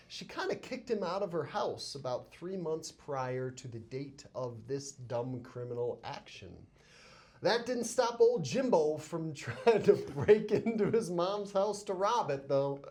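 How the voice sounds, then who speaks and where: A man's voice: on the high side, darkish tone. A man co-hosting a legal podcast as a criminal defense lawyer, chatting casually and laughing often while telling stories.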